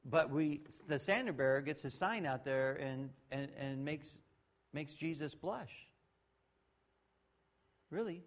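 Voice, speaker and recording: A man's voice: slow, pauses often. Middle-aged male pastor preaching conversationally. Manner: conversational, swings from loud sarcastic mock voices to low asides. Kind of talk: sermon.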